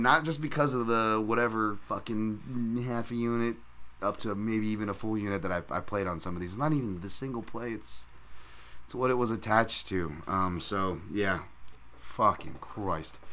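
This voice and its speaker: A man's voice: on the low side, sharp tone. A man hosting a podcast, breaking down fights and bets in a casual, profane, heated ranting style. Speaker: podcast host. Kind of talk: casual sports-betting breakdown.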